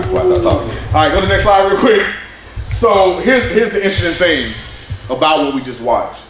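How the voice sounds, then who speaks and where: Animated man with a slightly high voice, giving a slide talk in a roomy hall. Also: brisk, background noise. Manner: animated, conversational, quotes people in voices. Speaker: presenter at a men's summit. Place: conference room. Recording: roomy hall sound with faint ambience.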